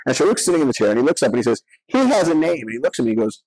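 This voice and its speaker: A man's voice: medium pitch, lively intonation, racing, a little mellow, husky, dry recording. A middle-aged man, a guest on a podcast interview, telling rambling anecdotes full of filler words. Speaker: guest, actor and filmmaker.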